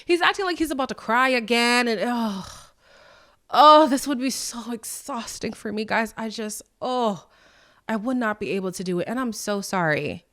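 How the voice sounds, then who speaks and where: In a laid-back recap episode, the female podcast host keeps things candid and sassy, making frank remarks straight to her audience. Her delivery is lively, with quick leaps in pitch.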